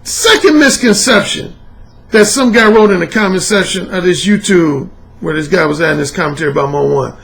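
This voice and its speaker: A man's voice: sits high, brisk, a bit bright. A man and dating coach delivering a casual vlog monologue, emphatic, profane and repetitive as he hammers his points home.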